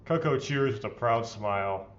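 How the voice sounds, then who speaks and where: A man reads visual novel lines aloud with playful theatrical flair as the host of a let's play, mixing in his own remarks. His voice sits at an ordinary middle pitch. The home recording sounds dull and a bit lo-fi. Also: moderate pace, heavy background noise. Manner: expressive, playfully theatrical reading. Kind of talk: reading visual novel text aloud with commentary.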